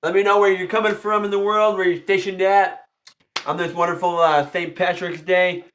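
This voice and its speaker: Chatty high-voiced man hosting a livestream. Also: level tone, moderate pace, fairly bright tone, slight background noise. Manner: repetitive, chatty, greets viewers by name. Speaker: tarot reader hosting a livestream. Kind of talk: casual livestream chat.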